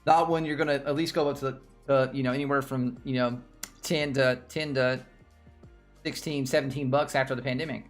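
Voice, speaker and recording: A man's voice: medium pitch, fairly even intonation, fairly quick, faint music behind. Rambling Southern-accented male streamer. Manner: rambling, repeats himself, chats with viewers. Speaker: livestream host. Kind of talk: casual livestream chat about stocks.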